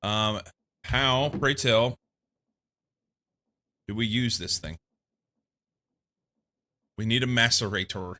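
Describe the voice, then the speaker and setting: A man from the United States streaming a game, thinking aloud in casual commentary, a little congested and quick to laugh. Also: lowish voice, pushed and bright. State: slightly congested.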